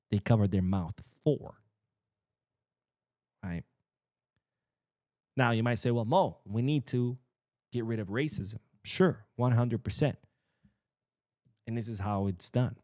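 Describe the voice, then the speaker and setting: A man's voice: lowish voice, a little mellow, no echo, studio quality. Blunt, profane man ranting. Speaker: football news host. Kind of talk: ranting commentary.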